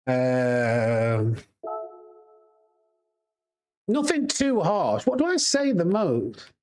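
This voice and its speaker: A man's voice: medium pitch, huge pitch swings, slow, a little mellow. A man with a Yorkshire accent, a sim racing streamer chatting casually and rambling to his live chat while he plays. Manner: chatty, rambling, laughs easily.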